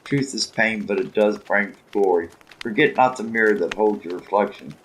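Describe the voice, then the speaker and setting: A man narrating a religious story in a measured, solemn reading with occasional slips. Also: on the low side, slight background noise, low-quality recording. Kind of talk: scripted audiobook narration.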